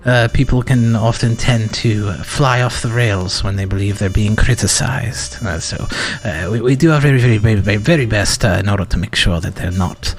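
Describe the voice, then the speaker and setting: A man voicing a calm, soft-spoken male police trainer in a put-on British accent that slips, speaking slowly with lots of "uh" fillers. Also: lowish voice, voice pushed down, close to an everyday voice. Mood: calm, measured. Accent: put-on British, slipping. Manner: slow, measured, full of "uh" fillers.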